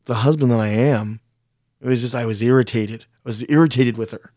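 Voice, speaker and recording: A man's voice: mid-range voice, a little fast, warm tone, no room sound, clean studio sound. A man telling a long story in casual chat, blunt and frank, swearing often and rambling, and openly critical of himself. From Mexican heritage.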